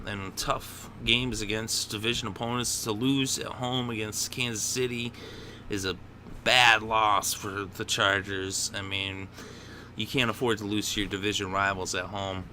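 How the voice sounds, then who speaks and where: A man's voice: lowish voice, sharp tone, slight background noise. A man hosting a solo football picks show, opinionated and prone to worked-up rants. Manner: opinionated, gets worked up and ranting. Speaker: sports picks host. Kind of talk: solo sports commentary.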